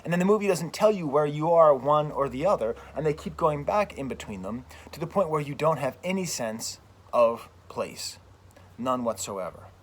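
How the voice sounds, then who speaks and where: An American man, a French professor hosting his own channel, delivering an animated, emphatic opinion rant outdoors, often repeating phrases. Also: on the high side, normal speed, slight background noise.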